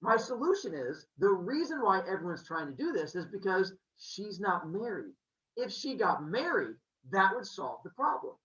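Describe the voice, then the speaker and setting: A man's voice: high-pitched, very animated, normal speed, fairly bright tone, lo-fi sound. A man voicing a boastful, lecherous male king god who talks in a smug, creepily flirtatious way. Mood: scheming.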